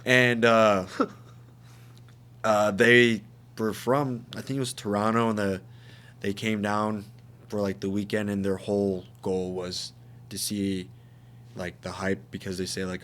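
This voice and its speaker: A man's voice: fairly low pitch, fairly even intonation, a little slow, a bit bright. A man co-hosting a podcast, telling a story in casual chat, laughing and swearing and acting out what people said. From United States. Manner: laughing, swearing, acts out quotes. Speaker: podcast co-host.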